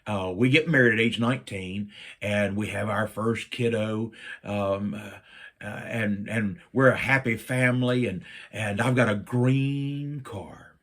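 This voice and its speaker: A middle-aged man from Virginia, telling a personal story and acting out his own lines with big jumps up in pitch. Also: a little slow. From Virginia, USA. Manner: animated, jumps up in pitch when quoting himself.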